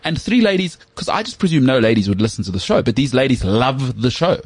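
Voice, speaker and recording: A man hosting a casual podcast chat, telling rambling stories with lots of fillers and a husky voice. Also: mid-range voice, quick pace, no room sound. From South Africa. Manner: animated storyteller, rambling with many fillers. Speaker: podcast host.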